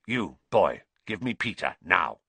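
A gaunt, intense escaped prisoner speaks low and quietly, as a man puts him on in a storybook reading. His orders come firm and grim. The sound is close and dry. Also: sing-song, a little slow, creaky, breathy edge, no echo, exaggerated voice.

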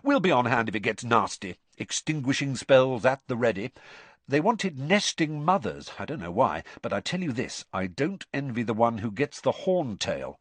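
Man voicing a practical young dragon keeper, matter-of-fact, husky, dry. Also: medium pitch, big pitch swings, dry recording. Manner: brisk, matter-of-fact, grim.

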